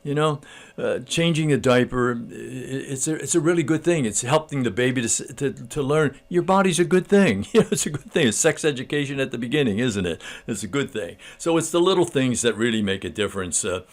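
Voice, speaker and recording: An older man giving a casual spiritual talk, telling a story in a halting, homespun, earnest way. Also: medium pitch, animated.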